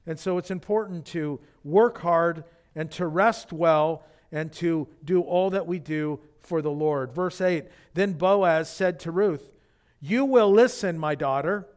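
A man's voice: a little high, slow, hardly any pauses, smooth. A man, the senior pastor, preaching a conversational sermon full of fillers and restarts.

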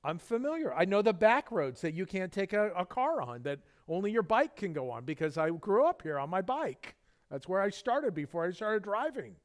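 A man's voice: high-pitched, big pitch swings, normal speed. A man preaching a casual, conversational sermon, telling anecdotes and acting out bits of dialogue. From Southern California. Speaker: pastor.

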